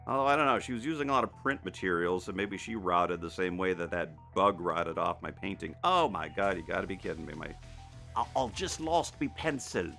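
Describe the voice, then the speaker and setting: A man in his painting studio talks loosely to his viewers as he works, with a lively, swinging pitch. He rambles, stumbles over restarts and pokes fun at himself. Faint music plays underneath. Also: a little fast, vocal fry. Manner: rambling and self-deprecating, with frequent restarts and laughs. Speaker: artist streaming a live painting session. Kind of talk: casual chat while painting.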